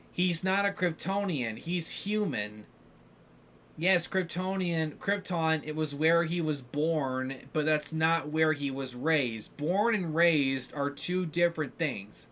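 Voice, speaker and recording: A man hosts a solo podcast in a fired-up, rambling way. He leans on filler words and often restarts his sentences. His voice sits a touch high for a man. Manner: animated ranting, heavy filler words, frequent restarts. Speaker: podcast host. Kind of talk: casual solo commentary.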